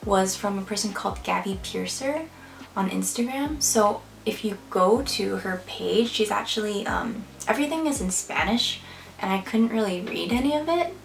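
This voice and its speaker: A woman's voice: medium pitch, expressive, moderate pace, creaky, slight background noise. A young woman in casual vlog talk to camera, chatty and filling her speech with "like" and "um". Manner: chatty, many fillers like "like" and "um". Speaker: vlogger. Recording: echoey room, a bit far from the mic, faint music.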